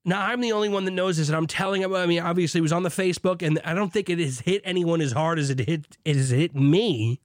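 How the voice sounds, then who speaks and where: Male solo beer podcast host, fired up and foul-mouthed, high bouncy voice, dry close mic. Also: fast talker, hardly any pauses, no echo. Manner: hyped, swings between shouting and low asides; swears, mock preacher zeal. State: drinking beer while talking. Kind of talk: excited solo podcast monologue.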